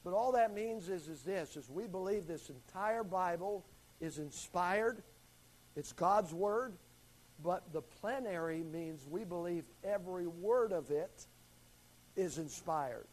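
Man, high voice, Bible class teacher, calls on students and leans hard on key words. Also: expressive, slow, low-quality recording. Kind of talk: classroom Bible lesson with questions.

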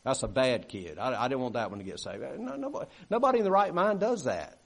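Preacher calling for amens. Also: male voice, mid-range voice, very animated, fast talker, gravelly. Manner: conversational, calls for amens, acts out quoted grumbling. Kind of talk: sermon. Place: church sanctuary.

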